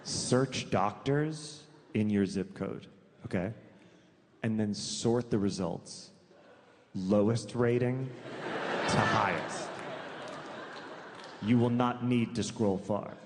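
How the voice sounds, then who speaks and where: A man performing stand-up comedy, telling a story in a conversational way, stacking asides and self-corrections and delivering absurd details deadpan. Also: lowish voice, slow, long pauses, noisy background. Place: comedy club stage before a live audience. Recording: reverberant venue with crowd ambience.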